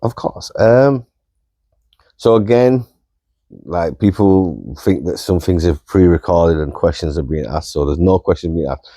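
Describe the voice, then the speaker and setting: Deep-voiced, easygoing male podcast host. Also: lively intonation, a little slow, mellow, dry recording, clean studio sound. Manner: easygoing, friendly, chuckles between questions. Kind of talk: casual podcast chat.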